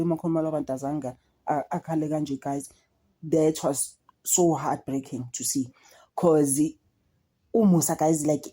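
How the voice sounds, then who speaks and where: A woman's voice: low-pitched, breathy edge. A young South African woman chatting casually as she reviews a reality show, switching languages and calling on her viewers. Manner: chatty, code-switching, animated gossip with frequent "guys" and laughs. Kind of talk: casual chat.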